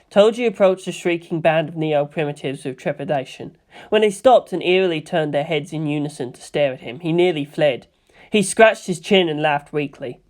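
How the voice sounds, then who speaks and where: A woman reading a fan-written story aloud in a lively, expressive way. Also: low voice, normal speed. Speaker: fanfic reader.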